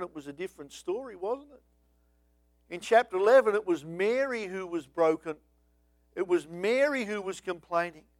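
A man with a high voice delivers a sermon in a dry, close recording. He swings between hushed asides and loud, dramatic bursts as he acts out the story. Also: dry recording. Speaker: preacher.

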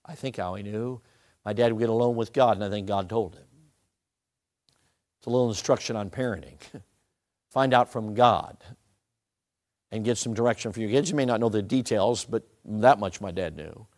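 A man's voice: medium pitch, a little fast, long pauses. A middle-aged man preaching a storytelling sermon to a live audience, talking conversationally and often asking the room questions. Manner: conversational, asks the audience questions, swings between soft and loud. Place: church or meeting room with an audience.

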